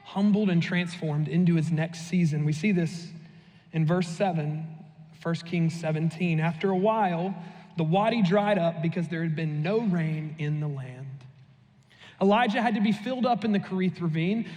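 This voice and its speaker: A young man preaching with a high, light voice, telling stories with dry humor and a loose, chatty flow. His voice carries a long reverb tail through the church sanctuary. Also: darkish tone. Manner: humorous, conversational storytelling. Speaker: pastor. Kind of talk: sermon.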